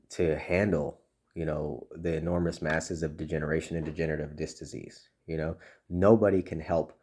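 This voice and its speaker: Deep-voiced earnest man coaching chiropractors. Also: a little mellow. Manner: earnest, repeats words, many "you know" fillers. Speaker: chiropractic consultant. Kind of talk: casual coaching talk to chiropractors.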